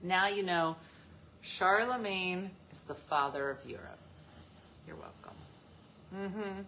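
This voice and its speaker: A woman's voice: lowish voice, lively intonation, takes it slowly, sharp tone, slight background noise. A woman hosting a casual live stream, joking and teasing as she answers viewer comments. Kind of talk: casual chat.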